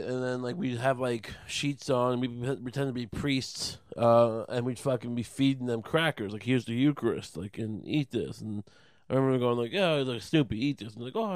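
A man's voice: mid-range voice, no room sound. Rambling profane man, dry close sound. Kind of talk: profane comedic monologue.

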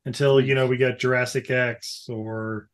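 A man hosts a casual podcast, steering the talk with quick jokes. His voice sits mid-range and relaxed. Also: medium pitch, clear, resonant tone. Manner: joking, steers the segment with quick asides. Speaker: podcast host. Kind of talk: casual chat.

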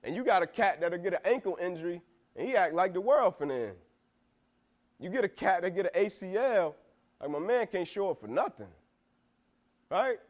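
Emphatic high-voiced male motivational speaker. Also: sing-song, moderate pace, pauses often. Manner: emphatic, repetitive, asks "right?" a lot, slangy. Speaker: motivational speaker to college football players. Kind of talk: motivational speech.

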